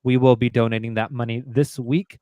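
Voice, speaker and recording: A man's voice: mid-range voice, level tone, brisk, dark tone, dry recording, muffled recording. A man hosting a sports podcast, chatting casually, joking and reading sponsor spots. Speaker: podcast host. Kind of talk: casual chat.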